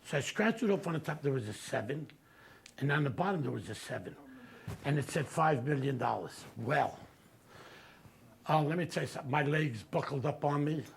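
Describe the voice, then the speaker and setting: A man's voice: a little high, animated, normal speed, gravelly. A man telling brash, profane stand-up stories. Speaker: comedian storyteller. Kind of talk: stand-up storytelling.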